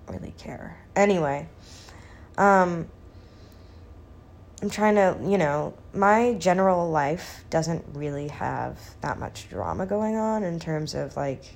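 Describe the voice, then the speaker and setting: A young woman in her twenties rambles through a casual vlog chat, her low voice settling into vocal fry. She sounds stoned and laid-back, barely raising her voice. A faint hiss sits under the recording. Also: a little mellow. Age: 20s. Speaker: vlogger.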